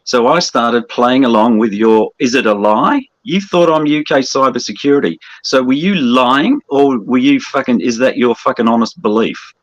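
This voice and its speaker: A man's voice: medium pitch, moderate pace, few pauses, muffled recording. A man with an Australian accent, arguing on a livestream, swearing a lot and pressing with pointed questions. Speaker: livestream guest. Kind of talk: heated livestream argument.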